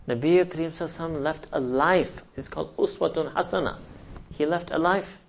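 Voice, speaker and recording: A man's voice: fairly high pitch, vocal fry, poor audio. A man preaching a sermon and telling a story, asking the audience rhetorical questions, chuckling often and acting out quoted dialogue. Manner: chuckles often while speaking. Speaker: Islamic teacher.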